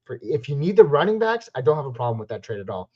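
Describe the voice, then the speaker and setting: A man from the West Coast hosting a live Q&A stream, chatty and upbeat, giving quick verdicts on viewer questions. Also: mid-range voice, big pitch swings, darkish tone, slightly rough. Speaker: fantasy football live stream host. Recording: slightly muffled lo-fi stream audio.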